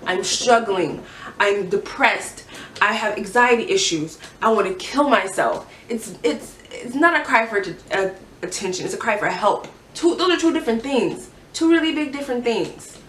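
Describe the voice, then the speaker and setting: Young woman, candid personal testimony, halting and earnest, slightly high voice, recorded from a distance in an echoey room with faint background noise. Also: lively intonation, fairly bright tone. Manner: halting and earnest, many restarts. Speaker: vlogger sharing a personal story.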